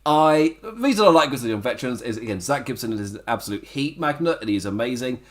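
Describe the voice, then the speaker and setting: A man with a worn-out, hoarse throat, co-hosting a casual wrestling review podcast and laughing often. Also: medium pitch, expressive, quick pace. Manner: laughs often, chatty and self-mocking. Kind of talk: casual chat.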